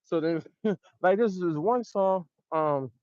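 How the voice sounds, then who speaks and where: A man, a music producer, telling studio stories in a loose, animated way, acting out voices with laughs. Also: high-pitched, slow pace, no room sound. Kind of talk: casual storytelling. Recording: dull dry sound.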